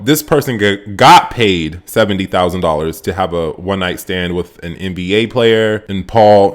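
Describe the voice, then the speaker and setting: A man casually recapping a reality show episode, sarcastic and animated, swearing freely as his voice jumps up with excitement. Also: lowish voice. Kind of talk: casual profane recap commentary.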